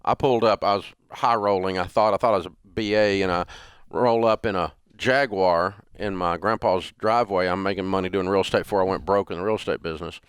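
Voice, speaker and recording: Older guy hosting a money call-in show, lowish smooth voice, rambly folksy stories. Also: fairly even intonation, fast, no echo, studio quality. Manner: folksy storytelling, frequent fillers and restarts. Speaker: radio show host. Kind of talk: call-in money advice talk.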